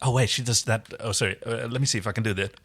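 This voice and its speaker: A man's voice: medium pitch, steady tone, racing, a bit bright, slightly rough. A man co-hosting a podcast, reading fan fiction aloud and breaking off for chatty asides. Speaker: podcast co-host.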